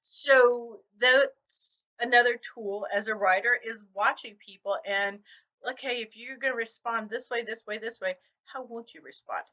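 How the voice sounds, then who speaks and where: A middle-aged novelist vlogs about her writing, speaking to camera at a measured pace in a voice on the high side. She tells stories animatedly, acting out other people's quoted reactions, and the camera mic gives dull lo-fi audio.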